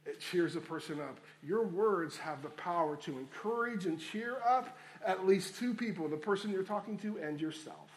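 A man's voice: high voice, expressive, normal speed, hardly any pauses. A man preaching a sermon, addressing listeners as friends and repeating key phrases for emphasis. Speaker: pastor.

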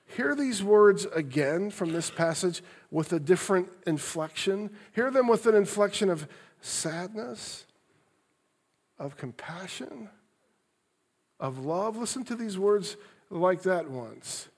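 A male pastor preaching a sermon, earnest and expressive, moving between loud emphasis and soft, tender passages. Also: high-pitched, takes it slowly.

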